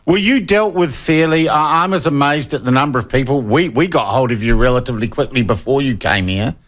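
A man's voice: medium pitch, lively intonation, a little fast, a bit bright. A man hosting a talk radio show in an easygoing, conversational way. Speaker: radio host.

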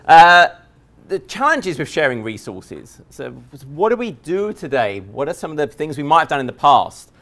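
An Englishman with an English accent giving a technical conference presentation to a live audience, joking and relaxed, with many fillers and restarts. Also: medium pitch. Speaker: conference speaker.

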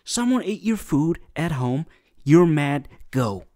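A young man giving a loud, profane, mocking reaction commentary over a dating video. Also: a little high, very animated, slow pace, no room sound, clean studio sound. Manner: loud, profane, heckling, swings into shouting.

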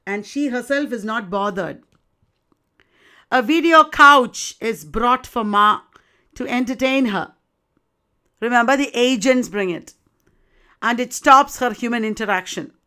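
A woman's voice: a little high, sharp tone, smooth. A woman literature lecturer explaining a play, addressing students with rhetorical questions.

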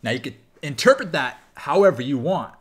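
A man hosting a music reaction video, reacting excitedly and explaining rap lyrics line by line with laughs. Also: on the high side, brisk. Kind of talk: casual music reaction commentary.

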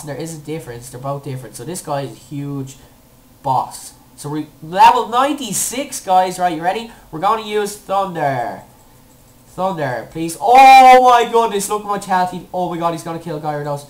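A young woman commentating her own gameplay, excitable, with squealing cheers and playful made-up words. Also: fairly low pitch. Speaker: let's play gamer.

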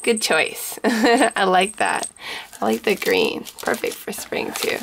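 A woman's voice: mid-range voice, huge pitch swings, takes it slowly, fairly bright tone, a little hiss or hum. A woman chatting casually as she unboxes gifts on camera, gushing over each small item and sprinkling in Japanese phrases. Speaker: scrapbooking vlogger.

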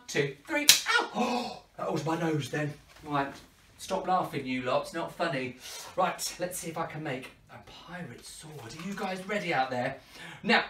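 A woman hosting an interactive children's party show, playful and animated as she coaxes the kids to join in. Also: low voice, far from the mic, background noise. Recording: echoey room, voice from off-mic.

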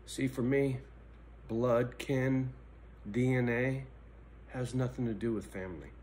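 Middle-aged man, raw confessional vlog, slow and blunt, profane, faint hum behind him. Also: medium pitch, fairly even intonation. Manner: blunt and profane, swings between angry rants and quiet reflection. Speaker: vlogger. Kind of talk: emotional personal monologue.

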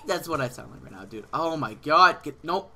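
A teenage man commentating his own gameplay casually, excitable and swearing, with sudden yells at other players, on a headset mic. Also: a little high, normal speed. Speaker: gaming channel host.

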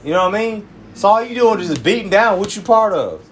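A man's voice: high voice, expressive, fast. A man who is a church elder, preaching in an informal, emphatic, colloquial way and often tacking "man" onto his phrases. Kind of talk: informal sermon teaching.

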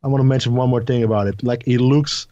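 Excitable man on a dull, dry line. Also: mid-range voice, fast, no room sound. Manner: excitable, laughs often, stammers. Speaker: podcast co-host. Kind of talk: casual film chat.

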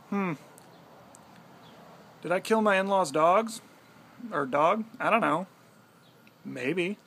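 Young guy, gravelly and a bit high, animated storyteller who swears casually. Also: slow, long pauses. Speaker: vlogger.

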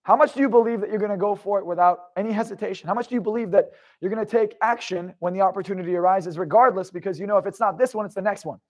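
A young adult man telling stories as a confidence coach, moving from low, confiding narration into loud, emphatic bursts and swearing freely. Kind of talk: motivational storytelling monologue.

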